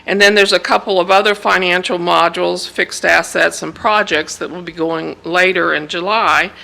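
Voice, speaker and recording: A woman's voice: fairly low pitch, fairly even intonation, moderate pace, gravelly, bright, forceful tone, low-quality recording. A woman presenting a project timeline at a city meeting, hesitant and explanatory. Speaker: staff presenter.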